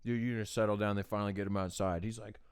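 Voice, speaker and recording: A young man co-hosting a comedy talk show, telling an animated story full of swearing and shouted quotes. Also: on the low side, quick pace, clear, resonant tone, no echo, clean studio sound. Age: young adult. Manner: animated, swears a lot, acts out shouting people. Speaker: co-host. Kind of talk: casual chat.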